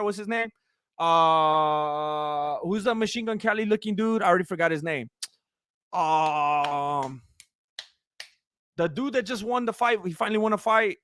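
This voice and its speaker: A man giving casual, excitable live commentary on a fight, joking and teasing the fighters as he watches. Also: high voice, no room sound, clean studio sound.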